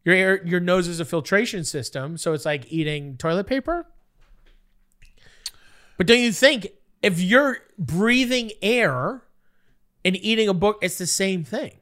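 A congested man in his thirties banters on a casual podcast. His voice swings widely in pitch as he rambles through stories, and now and then it jumps into a high yelp. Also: a little slow. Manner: rambling, animated storytelling with sudden high yelps. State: congested from a cold. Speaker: podcast co-host.

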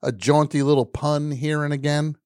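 A man's voice: fairly high pitch, level tone, normal speed, a little mellow, clear, resonant tone, no room sound. Man, radio host, comic banter, dry studio sound. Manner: riffing, puts on goofy voices.

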